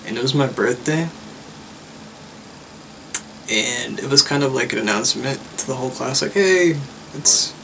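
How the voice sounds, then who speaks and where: Brief: young male vlogger, gravelly and mid-pitched, easygoing rambling chat, faint noise behind. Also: low-quality recording. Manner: relaxed, rambling and reflective, with many likes and uhs. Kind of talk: casual vlog chat.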